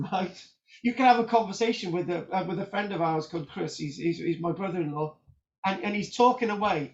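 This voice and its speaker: A man with a fairly high voice lectures on history in a loose, talkative way. He stumbles over his words, restarts often and keeps asking "right?" The recording is dull and lo-fi. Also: vocal fry. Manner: animated, chatty, frequent restarts and "right?" tags. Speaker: history teacher. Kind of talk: informal lecture with notes on screen.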